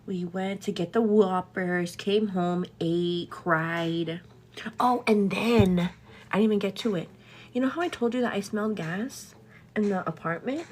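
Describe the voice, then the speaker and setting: Her voice is medium-pitched and her pace measured as this young vlogger tells viewers a story in a chatty, animated way. She seems tired and overwhelmed, laughs a lot, and quotes both sides of an argument.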